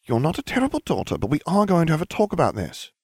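A man doing a gentle, worried mum. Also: a little high, wildly swooping pitch, quick pace, breathy edge, no room sound, clean studio sound, voice pushed up, heavily acted. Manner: soft, hesitant. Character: gentle worried middle-aged mother.

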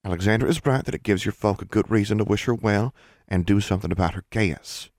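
A man voicing a gentle, reassuring teenage girl. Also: on the low side, fast, no echo, studio quality, natural voice.

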